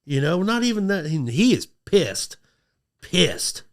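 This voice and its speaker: A man appearing as a podcast guest tells a long story in a casual, lively way, speaking a little slowly. When he quotes people, he acts them out in a high, excited voice.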